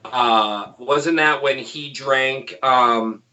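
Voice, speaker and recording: A man guest on a casual podcast chat, laid-back and quick to laugh at himself. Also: medium pitch, bright, forceful tone. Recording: dull lo-fi sound.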